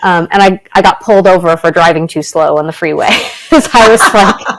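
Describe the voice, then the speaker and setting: A middle-aged Canadian woman with a lowish voice talks fairly quickly as a guest on an interview podcast, an actress and spiritual teacher casually telling personal stories with laughter and acted-out quotes. The audio is very noisy.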